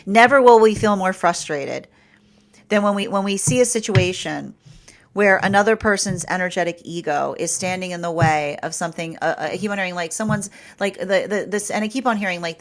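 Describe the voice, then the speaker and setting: A woman's voice: lowish voice, expressive, brisk. A woman giving a casual tarot and astrology reading, rambling with frequent laughs and restarts. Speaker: tarot reader.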